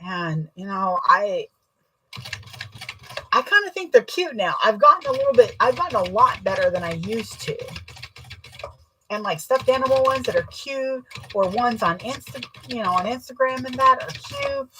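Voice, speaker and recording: A young adult woman chatting casually while sewing, telling rambling, self-deprecating stories with a husky voice. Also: a little high, sing-song, normal speed, bright, forceful tone, a little hiss or hum, rough recording. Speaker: sewing vlogger.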